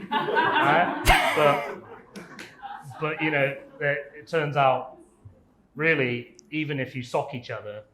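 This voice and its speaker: A man playing a tired, crude talking shoe in an improv comedy scene, rambling and deadpan. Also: mid-range voice, lightly acted. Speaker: improv guest character. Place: live improv stage. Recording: echoey room, loud background noise.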